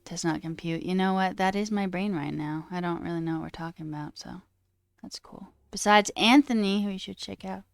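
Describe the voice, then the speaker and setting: A woman's voice: fairly low pitch, brisk, vocal fry, dry recording, studio quality. A woman streamer chatting casually and reading chat aloud, rambling, laughing often and swearing now and then.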